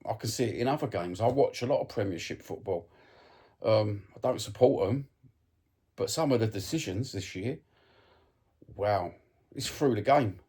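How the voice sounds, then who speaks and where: Here a Cockney man from East London, England vlogs as a football fan, ranting casually and bluntly to camera with plenty of swearing and ums. His voice sits lowish, at normal speed, a little mellow with a breathy edge, and he pauses often.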